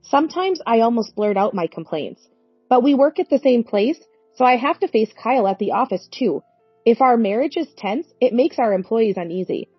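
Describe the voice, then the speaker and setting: Husky woman narrating a story. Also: fairly high pitch, animated, normal speed, no room sound, faint music behind. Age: 40s. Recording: dry, dull lo-fi recording.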